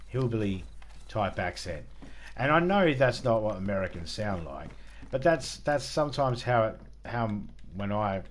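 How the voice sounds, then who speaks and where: An Australian man talks to his live-stream chat while he plays, in a loose, rambling way. His voice sits at an ordinary middle pitch, and he mocks himself and swears without a second thought. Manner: rambling, laid-back, self-mocking, swears freely. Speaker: game streamer chatting with viewers.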